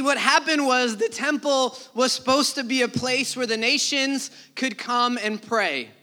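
A man preaching a sermon, telling the story in a conversational, animated way with acted-out asides. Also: extremely high pitch. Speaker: pastor.

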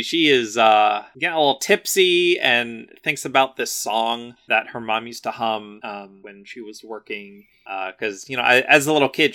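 A man's voice: medium pitch, bright, forceful tone. A man hosting a podcast, recapping a story in a casual, rambling way with lots of fillers. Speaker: podcast host.

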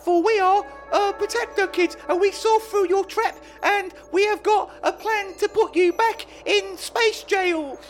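A woman's voice: very high voice, measured pace, few pauses, faint music behind. A woman voicing a brave, cheeky child hero in a comic sketch, cheerful and boastful. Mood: triumphant. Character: brave, cheeky kid superhero.

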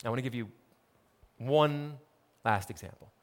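A man preaching a sermon as pastor, emphatic and animated, repeating key phrases for effect. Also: medium pitch, normal speed, big-room sound.

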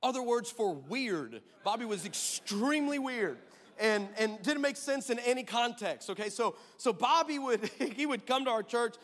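A man preaching a sermon as pastor, telling a story in an animated way, acting out quotes and laughing often. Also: extremely high pitch, normal speed. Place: large church hall. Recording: reverberant church hall.

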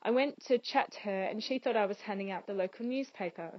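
A woman's voice: mid-range voice, brisk, no echo, muffled recording. A woman running for a council seat, answering interview questions in an earnest, thoughtful way with frequent ums. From Australia and England. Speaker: council candidate.

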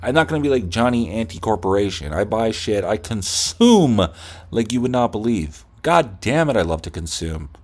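A man's voice: on the low side, big pitch swings, normal speed, darkish tone, husky. A man hosting a podcast, ranting with heavy swearing and slipping into mocking voices of corporate staff. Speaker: podcast host. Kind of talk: profane comedic rant.

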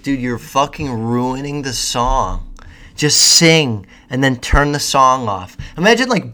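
A man's voice: mid-range voice, a bit bright. Brief: a male podcaster in casual chat, blunt and crude, with a mid-range voice. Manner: blunt, sarcastic, swears often. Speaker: podcast host.

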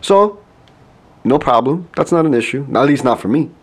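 A man's voice: mid-range voice, lively intonation, moderate pace, slightly rough. A man chatting casually as a podcast co-host, laid-back and laughing often as he tells a story full of slang. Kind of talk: casual chat.

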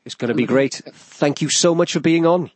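A man's voice: fairly high pitch, normal speed, dry recording. Male podcast host, eager and chatty, dry studio sound. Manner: chatty, eager, plugs his projects. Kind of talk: casual podcast interview.

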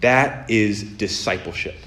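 A man preaching on a podcast, telling stories with lively acted-out voices and many fillers. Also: slow, roomy sound. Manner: animated storytelling, acts out voices with big pitch jumps. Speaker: pastor. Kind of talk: sermon on a podcast.

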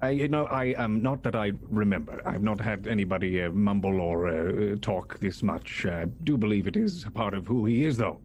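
A man's voice: on the low side, normal speed, hardly any pauses, a little mellow, a little hiss or hum, natural voice. An actor playing a fussy male doctor who talks in a formal, clinical, hesitant way. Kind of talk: tabletop role-play voice acting.

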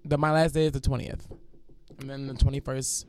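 A woman's voice: very deep voice, steady tone, fairly quick, darkish tone, no echo. A woman, hosting a casual radio chat show with loose, joking, profane talk and slightly congested sinuses. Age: 20s. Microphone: studio mic.

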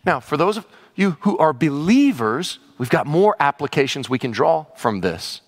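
Animated male pastor preaching a sermon. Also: normal speed. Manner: animated, swings between high excited asides and low emphatic points. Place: church sanctuary, also streamed online.

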